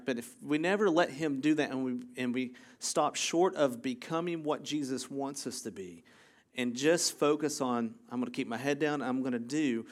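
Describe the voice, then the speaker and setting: A man preaching a casual, conversational sermon, chatty and full of jokey asides, who keeps checking in with the congregation by asking "right?". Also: medium pitch. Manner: self-interrupting, jokey asides. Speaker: pastor.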